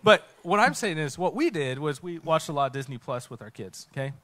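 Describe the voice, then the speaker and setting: A man giving a conversational sermon talk on a church stage, telling a story with lively acted-out quotes. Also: on the high side, fairly quick. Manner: animated storytelling, acts out quotes. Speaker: guest speaker.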